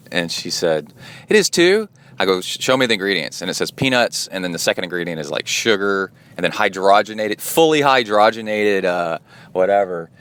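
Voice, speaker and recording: Deep-voiced man rambling casually. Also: a bit bright. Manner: rambling, chatty storytelling. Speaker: triathlon coach and podcast host. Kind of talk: casual spoken monologue.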